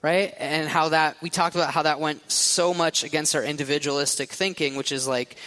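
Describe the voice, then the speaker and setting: A man's voice: fairly high pitch, fairly even intonation, moderate pace, few pauses, bright, forceful tone, long reverb tail. A man preaching a sermon in a casual, conversational way, often checking in with "right?". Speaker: pastor.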